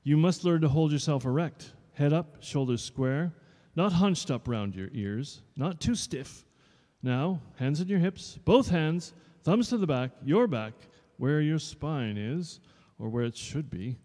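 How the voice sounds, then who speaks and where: A man's voice: a little high, expressive, a little slow, warm tone, pitched above the performer's own voice. A man reading aloud as a strict, bossy dancing master who barks rules at his pupils. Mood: stern. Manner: stern, commanding, barks rules. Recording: long reverb in a showroom.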